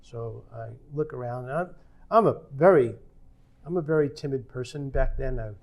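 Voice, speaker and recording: A man's voice: mid-range voice, normal speed, darkish tone. An older man telling a story from his working life in a podcast conversation, acting out the quoted dialogue as he goes. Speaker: podcast guest.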